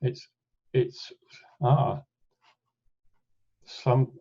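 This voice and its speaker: A man presenting a live software demonstration in a webinar, thinking aloud as he clicks through steps and often restarting his sentences. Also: mid-range voice, fairly even intonation, drawn-out words, vocal fry, husky. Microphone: computer mic on a video call. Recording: dull lo-fi webinar audio.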